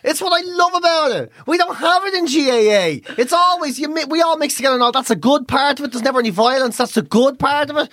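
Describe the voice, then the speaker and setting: A man's voice: very high voice, quick pace, hardly any pauses, no room sound. Irish male comedian, podcast co-host, swears freely, dry close recording. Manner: profane, animated storytelling. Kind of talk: casual chat.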